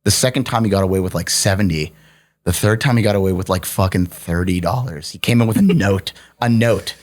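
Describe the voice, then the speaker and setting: A man with a somewhat low voice tells a story with a laugh breaking through. He is a young adult chatting casually on a podcast. His talk is loose, profane and full of amusement. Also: fairly quick. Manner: profane, laughing anecdote telling. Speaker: podcast guest.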